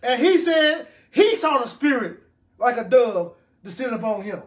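A man's voice: extremely high pitch, very animated, measured pace. A man preaching a sermon, reading scripture aloud and repeating words for emphasis.

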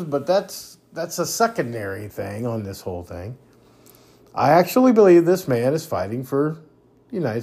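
A man's voice: medium pitch, warm tone. Blunt, foul-mouthed man ranting. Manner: blunt, heavy swearing, repeats himself. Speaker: podcast host. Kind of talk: profane political rant.

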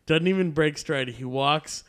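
A man's voice: on the high side, a little slow, a bit bright. A man telling a long, profane story to friends in a casual chat, laughing often as he goes. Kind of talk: casual anecdote among friends.

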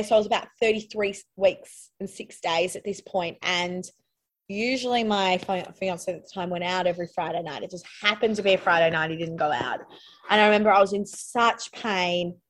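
A woman's voice: medium pitch, moderate pace. An Australian woman sharing a personal story in casual conversation, chatty and full of "like" fillers. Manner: chatty, lots of "like" fillers, laughs while telling. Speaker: podcast guest.

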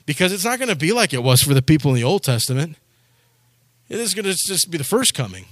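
A man's voice: on the high side, fairly bright tone, no room sound, studio quality. A man preaching a sermon, reading scripture aloud and then urging his listeners with rising intensity. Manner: earnest, rising to urgent exhortation.

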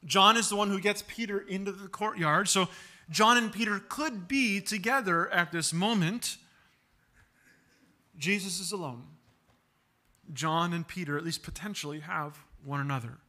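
Delivering a sermon at normal speed, this pastor has a high-pitched, bright, pushed voice. He asks rhetorical questions, performs quoted dialogue, and earnestly repeats words to build each point.

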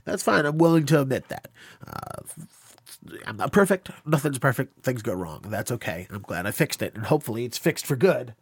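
A man hosts a podcast in loose, casual conversation. He rambles and apologizes, sounding self-conscious about his setup, with a dry, close sound and a middle pitch. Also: big pitch swings, normal speed, breathy edge, no echo. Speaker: podcast host. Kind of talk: casual interview chat.

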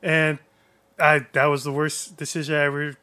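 A man hosting a podcast, telling childhood stories in a loose, animated way with lots of profanity. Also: fairly high pitch, moderate pace. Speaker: podcast host. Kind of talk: casual storytelling chat.

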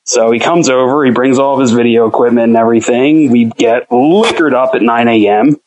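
Fairly quick and medium in pitch, a young man being interviewed as a home cook tells a long, casual story. It's profane and rambling, with lively impressions of quoted speech, on a rough recording.

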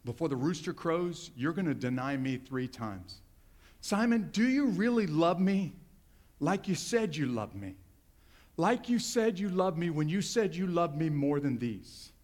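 A male pastor voicing Jesus as an earnest man pressing his friend with pointed questions in a sermon. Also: on the high side.

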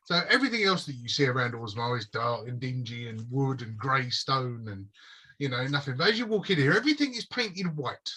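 A man's voice: medium pitch, animated, fairly quick, bright, forceful tone, breathy edge. A man running a tabletop role-playing game as game master, describing scenes in a rambling way and searching for words.

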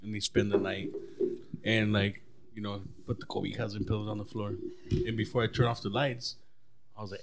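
A man's voice: lowish voice, flat delivery, fairly quick, vocal fry, pauses often, a little hiss or hum. A man telling stories as a podcast guest in a laid-back, profane way, calling people "bro". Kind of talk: casual chat.

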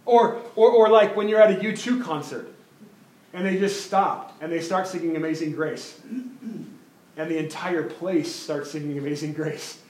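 Man preaching, high voice, animated, stumbles over repeated words, echoey church room. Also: moderate pace. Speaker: pastor. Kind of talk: sermon.

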